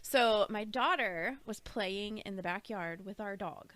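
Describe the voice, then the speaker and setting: A woman co-hosting a podcast, telling a funny family story in a casual, animated way. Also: medium pitch, measured pace, no room sound. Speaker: podcast co-host.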